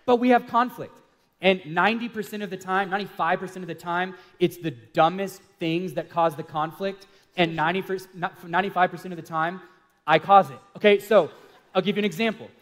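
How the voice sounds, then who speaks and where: A man's voice: sits high, steady tone, fairly quick, a bit bright. A man co-hosting a talk on marriage, speaking earnestly in a casual sermon style and telling self-deprecating stories. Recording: hall reverb.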